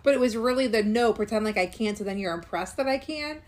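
A woman's voice: on the high side, animated, quick pace, darkish tone. A woman in her thirties, a mother co-hosting a casual podcast, chatty and acting out quoted lines in little voices. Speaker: podcast co-host. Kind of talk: casual chat about a cartoon.

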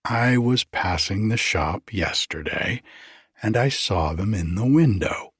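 A man reading aloud, voicing a calm, indulgent upper-class mother in a story. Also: fairly low pitch, slow, breathy edge, no room sound, clean studio sound, full character voice. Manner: calm, gently amused.

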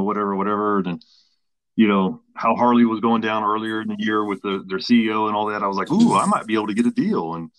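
A man's voice: lowish voice, a bit bright, no room sound. A man, a podcast guest telling a long casual story full of restarts and acted-out quotes. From Texas. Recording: dull, dry lo-fi sound.

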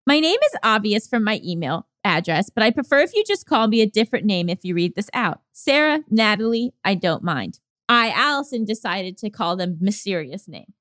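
A woman's voice: mid-range voice, very animated, normal speed, fairly bright tone, no room sound, clean studio sound. A young woman co-hosting a podcast in casual chat, giggly and playful, reading a listener's letter aloud. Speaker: podcast co-host.

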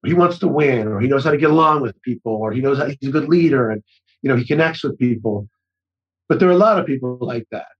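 A man's voice: mid-range voice, lively intonation, quick pace, breathy edge, muffled recording. A middle-aged man talking as a guest in a casual conversation, rambling and often restarting his sentences. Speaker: actor-director guest.

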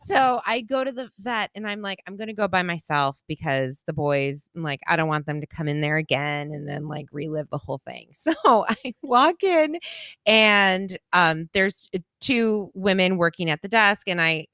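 A woman's voice: on the low side, moderate pace, dry recording, studio quality. Candid woman co-host telling a story. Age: adult with children. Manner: candid, animated storyteller, acts out quotes, laughs through sad parts. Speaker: podcast co-host. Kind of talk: casual storytelling chat.

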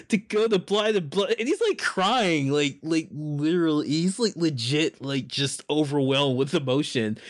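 A man's voice: fairly high pitch, lively intonation, a little slow. A man co-hosting a podcast in casual chat, laughing often and swearing as he acts out characters. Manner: laughing, swearing, acting out manga characters in silly voices. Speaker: podcast co-host.

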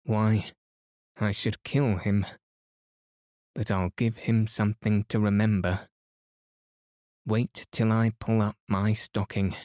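A grim, scornful boy turned giant speaks from a storybook in a slow, lowish voice, as a man reads him. The sound is close and dry. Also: flat delivery, darkish tone, no room sound.

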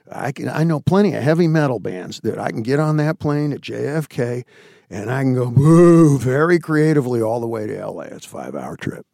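A man in his sixties, a candid interview guest telling stories with blunt, profane asides, his voice swinging between loud bursts and hushed, low passages. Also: vocal fry, no room sound, clean studio sound. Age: 60s. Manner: blunt, swears freely.

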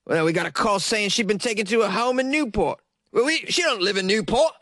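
A man's voice: expressive, fairly quick, fairly bright tone, dry recording, clean studio sound. A man voicing an exasperated working-class English son, in a put-on English accent, indignant and raised. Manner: raised, indignant, rising pitch.

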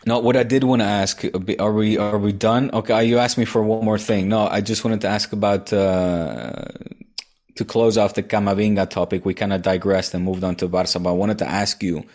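A man with a fairly low voice chats casually as a podcast co-host. He is playful and jokey, and he drops easily into mock accents and bits of other languages. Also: steady tone, normal speed, a little mellow. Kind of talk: casual chat.

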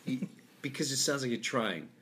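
A man's voice: mid-range voice, animated, moderate pace, a bit bright. Rambling, jokey middle-aged man. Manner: rambling, jokey storytelling with many restarts. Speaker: podcast host. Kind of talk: casual chat. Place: hotel room. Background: construction noise.

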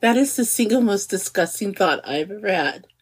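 Woman co-host in her forties, breathy and bouncy in pitch, giggly casual podcast chat. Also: normal speed. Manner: animated and giggly, laughs often.

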